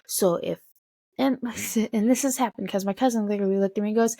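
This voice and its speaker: A young woman and mother talking bluntly to camera in a casual vlog, swearing often and getting animated. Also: medium pitch, quick pace, no room sound, clean studio sound. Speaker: mother of a toddler.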